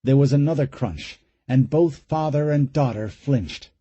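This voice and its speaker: Husky-voiced man narrating a horror audiobook. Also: medium pitch, measured pace, warm tone, no room sound, lo-fi sound. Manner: dramatic, suspenseful reading. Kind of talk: scripted narration.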